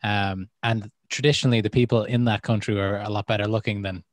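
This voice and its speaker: An Irish man co-hosting a podcast, chatting casually and telling stories with animated quoted voices. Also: on the low side, brisk, no room sound. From Ireland. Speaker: podcast co-host.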